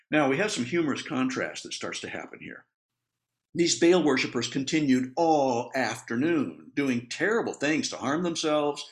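Animated, chuckling male preacher. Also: a little high, normal speed. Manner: animated, playful, chuckling at the humor in the text. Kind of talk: sermon with scripture reading.

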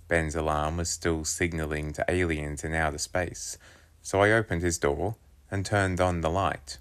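A man reading a children's chapter book aloud, telling it in a lively first-person voice. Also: sits low. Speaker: storybook reader.

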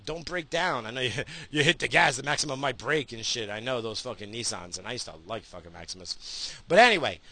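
Driving his car, a middle-aged solo podcaster records a crude, profane monologue. His mid-range voice has a sharp edge, and his heated, sweary ranting keeps restarting.

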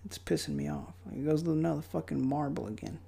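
Young male movie commentator, gravelly husky voice, lively swings in pitch, crude and mocking. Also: fast talker. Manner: profane, loud outbursts and mocking asides.

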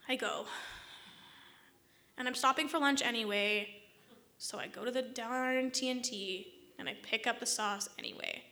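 A woman telling a personal story to camera in a casual, chatty way, exasperated and full of quick asides. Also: high-pitched, bright, forceful tone.

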